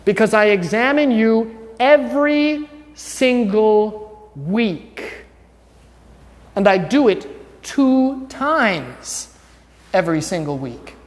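In a church sanctuary full of long reverb, a pastor with a high, expressive voice speaks slowly. His sermon is conversational teaching, and he quizzes the congregation in an informal, wry way.

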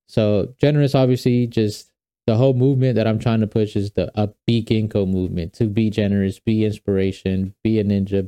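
A man's voice: fairly low pitch, mellow, clear, resonant tone, no echo. A young man hosting his own podcast, talking casually and rambling with fillers and restarts. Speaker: podcast host. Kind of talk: casual solo podcast talk.

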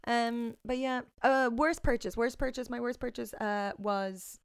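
A young Irish woman in her twenties telling stories in a casual chat, lively, with bits of acted dialogue. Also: on the high side, measured pace, smooth, no room sound, clean studio sound. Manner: animated storyteller, slips into whispers and put-on voices. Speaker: guest.

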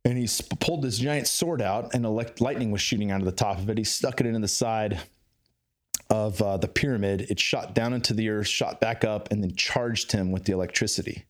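Low-voiced man telling stories casually. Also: brisk. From California, Bay Area. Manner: rambling, loose, with frequent fillers and restarts. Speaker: podcast guest. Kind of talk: casual conversation.

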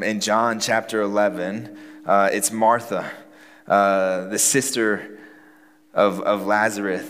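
A man preaching a sermon in an earnest, reflective way, pausing with frequent ums and restarting his sentences. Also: on the low side, a bit bright, big-room sound.

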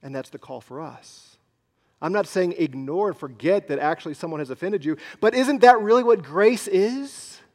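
A man preaching a sermon as pastor, swinging between loud emphasis and hushed, near-whispered asides. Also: sits high, expressive, normal speed.

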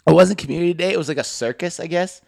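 A man's voice: on the high side, creaky, a little mellow, no echo, studio quality. A man co-hosting a podcast, joking and teasing in casual chat, swearing freely. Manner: jokey, swears, quick to tease and laugh. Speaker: podcast co-host.

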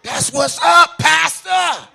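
A preacher mimicking a worldly churchgoer. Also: male voice, very high voice, slow, creaky, pushed and bright, shouting, a faint crowd, pitched above the performer's own voice, full character voice. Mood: coaxing. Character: worldly churchgoer coaxing the pastor.

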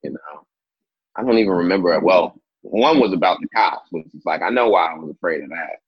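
A man with a very low, husky voice tells a story in a casual interview, acting out quotes and swearing freely. The recording is dry and a little dull. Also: expressive, a little fast, no room sound. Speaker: interview guest. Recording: dull lo-fi sound.

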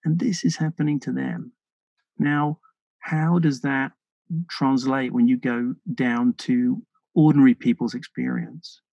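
A British man speaking as a podcast guest, earnest and thoughtful, often pausing and restarting his sentences. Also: mid-range voice, steady tone, creaky, mellow, no echo, muffled recording. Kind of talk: reflective interview conversation.

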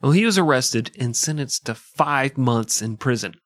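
Male podcast host, sarcastic, casual narration, mid-pitched, dry close mic. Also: expressive, normal speed, a bit bright, no echo. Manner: sarcastic, jokey asides between narration. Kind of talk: casual comedic history podcast chat.

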